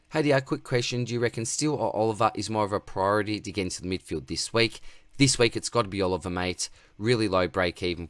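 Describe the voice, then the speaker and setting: Laid-back Australian host, low-pitched man, dry close sound, chatty Q&A delivery. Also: a bit bright, no room sound. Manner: laid-back, reads chat aloud, says mate constantly. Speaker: host answering viewer questions. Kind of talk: casual livestream Q&A.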